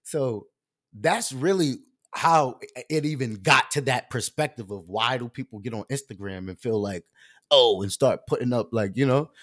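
A man's voice: medium pitch, fairly bright tone. Passionate, slangy man ranting casually. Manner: passionate, emphatic, conversational; loose slangy speech with many fillers. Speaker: show host. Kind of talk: casual storytelling rant.

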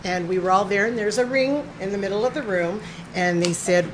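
A woman's voice: fairly low pitch, fairly quick. A woman guest on a talk show recounting a story in a chatty, rambling way. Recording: noisy background.

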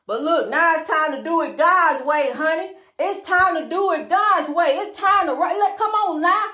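High-voiced woman preaching in an echoey room. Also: lively intonation, moderate pace, sharp tone. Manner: sing-song, calls listener "honey", repeats rhyming phrases. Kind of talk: preachy motivational monologue.

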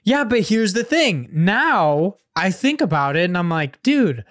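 A man's voice: sits high, sing-song, a little slow, a bit bright. A man co-hosting a podcast, telling a rambling, profane story in casual chat. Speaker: podcast co-host.

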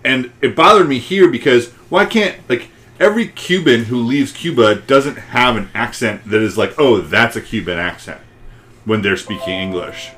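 A man's voice: medium pitch, expressive, normal speed, a bit bright. A man co-hosting a movie podcast, ranting and swearing freely in casual discussion. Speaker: podcast co-host.

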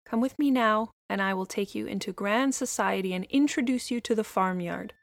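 A proud, fussy mother duck, voiced by a woman reading a storybook lectures her brood in a slightly lifted, gravelly voice. The sound is dry and close. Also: medium pitch, moderate pace, dry recording, lightly acted.

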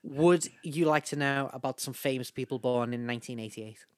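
A man co-hosting a podcast in casual, jokey chat, often trailing off quietly. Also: medium pitch, moderate pace, no room sound, clean studio sound. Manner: jokey, trails off softly at ends of lines. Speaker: podcast co-host.

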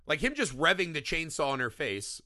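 A man co-hosting a casual podcast, reviewing a horror film with excited, profane enthusiasm and little acted-out bits. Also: fairly high pitch, no echo, clean studio sound. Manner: excited, profane, acts out scenes in quick bursts. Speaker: podcast co-host.

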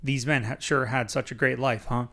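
A man's voice: mid-range voice, fairly even intonation, normal speed, sharp tone. Young man, podcast guest, reads a memoir aloud with mock drama and jokey asides. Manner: reads dramatically, breaks off to laugh and joke. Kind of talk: casual reading aloud with asides.

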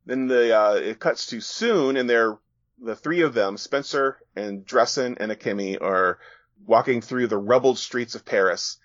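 A man, a guest author, casually narrating a chapter of his comic in a relaxed storytelling manner. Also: medium pitch, unhurried, dry recording. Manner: relaxed storytelling with fillers and restarts. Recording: dull, dry sound.

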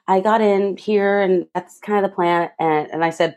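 A young woman telling a lively personal story as an interview guest, acting out other people's voices with big jumps in pitch. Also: normal speed. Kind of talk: animated storytelling.

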